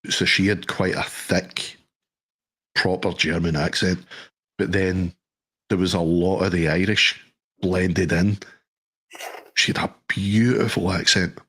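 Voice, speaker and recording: A middle-aged man talks in a fairly low voice. He chats casually, swearing and telling jokey anecdotes. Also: steady tone, slow, long pauses, pushed and bright, husky. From Scotland. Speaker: podcast co-host. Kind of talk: casual chat.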